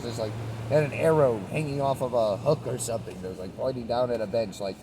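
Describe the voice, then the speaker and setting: Recorded from afar on a street, a traveling vlogger talks at a fairly quick clip in a medium-pitched voice over background noise. He rambles easily through spiritual musings and lets a curse slip occasionally.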